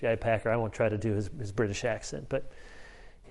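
A man's voice: lowish voice, steady tone, fast talker, a little mellow. Conversational male pastor preaching. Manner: conversational, emphatic storytelling. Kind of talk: sermon.

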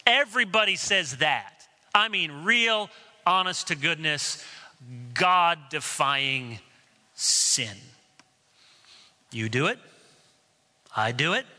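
A man's voice: on the high side, animated, slow pace, long pauses, pushed and bright, in a large hall. A male pastor preaching a sermon earnestly and telling stories along the way. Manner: earnest preaching, storytelling asides.

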